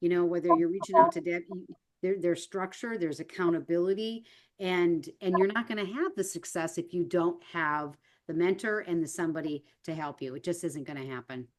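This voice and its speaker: Encouraging lower-voiced woman on a video call. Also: animated, a little fast. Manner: encouraging, talks through events, repeats "right?". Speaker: direct sales mentor. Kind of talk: zoom class teaching.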